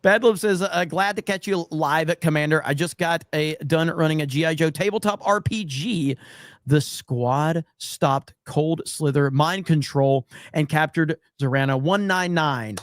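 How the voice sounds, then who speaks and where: A man talks on his own live-streamed show, his voice sitting a little above the usual male pitch. He reads viewers' chat aloud with blunt, profane sarcasm and trips over frequent restarts. The sound is dry and close, with no room around it. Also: unhurried, dry recording. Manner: sarcastic mock-earnest delivery, blunt and profane. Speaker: livestream podcast host.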